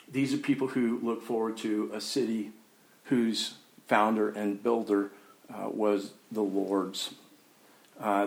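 Slow, earnest older male preacher. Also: medium pitch, little pitch movement, darkish tone, poor audio. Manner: earnest, reflective speaking. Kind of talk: sermon.

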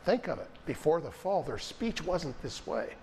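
A male pastor delivering a sermon, reading scripture aloud and stressing key phrases with slow, deliberate pauses. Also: on the high side, sing-song, darkish tone, a little hiss or hum.

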